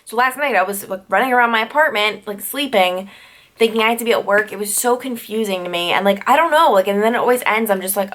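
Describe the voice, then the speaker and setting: A woman's voice: medium pitch, fast talker, fairly bright tone. A young woman from New York tells a story to her vlog audience in a loose, chatty way. She keeps dropping in "like" and wandering off on tangents before finding her way back. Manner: chatty, full of "like" fillers and tangents. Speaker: YouTuber.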